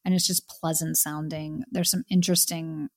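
A woman's voice: sits low, flat delivery, moderate pace, a little mellow, no room sound, clean studio sound. A woman co-hosting a podcast, chatting with enthusiasm about an album and saying "like" a lot. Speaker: podcast co-host. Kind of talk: casual music review chat.

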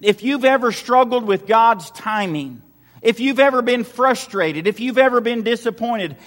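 A man's voice: very high voice, animated, normal speed, fairly bright tone, big-room sound. A man preaching a sermon as pastor, building his points with repeated rhetorical questions and emphatic, repetitive phrasing.

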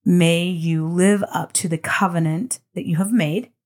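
Woman, middle-aged, devotional talk, earnest storytelling, emphatic pauses, slightly low voice. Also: fairly even intonation, darkish tone. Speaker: speaker giving a devotional talk.

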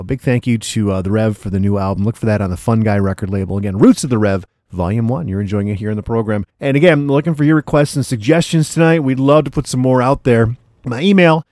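A man's voice: medium pitch, darkish tone, no echo, clean studio sound. A man hosting a music radio show in casual DJ patter, easygoing and enthusiastic with frequent filler words. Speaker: radio DJ host.

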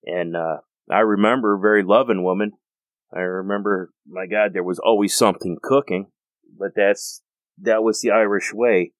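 A man's voice: on the low side, fairly even intonation, normal speed, no room sound. An American man with an earnest, rambling way of talking, hosting a casual monologue full of restarts. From United States. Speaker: host.

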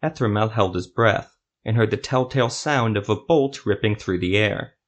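A man narrating a fan fantasy story in a steady, even reading. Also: lowish voice, normal speed.

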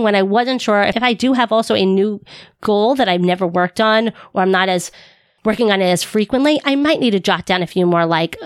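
A woman's voice: mid-range voice, no echo, studio quality. A woman speech-language pathologist giving instructional talk to fellow clinicians in an upbeat way, posing rhetorical questions as she goes. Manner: upbeat, rhetorical questions, acts out student voices.

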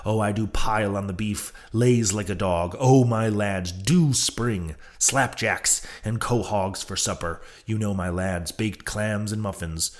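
A giddy, frantic young whaler, pleading and crowing in a rush, as a man reads him aloud. The base voice is low, lifted into eager, breathless cries. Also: expressive, a little slow, hardly any pauses, a little mellow. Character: excitable frantic young male whaling mate. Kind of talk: audiobook character voice.

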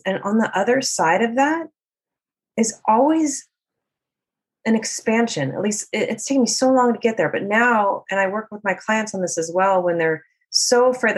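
A woman life coach speaking in an earnest, reflective way, sometimes acting out people's inner voices as she talks. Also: lowish voice. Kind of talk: casual conversation.

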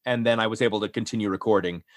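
A man's voice: lowish voice, steady tone, rapid-fire, dry recording, studio quality. A young adult man, a voice actor, chatting casually in an interview in a self-effacing way. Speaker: voice actor and audiobook narrator.

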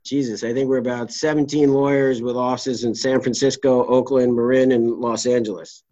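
Blunt, salty trial lawyer telling a story. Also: male voice, medium pitch, level tone, moderate pace, mellow, dry recording, lo-fi sound. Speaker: trial lawyer, interview guest. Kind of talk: candid storytelling interview.

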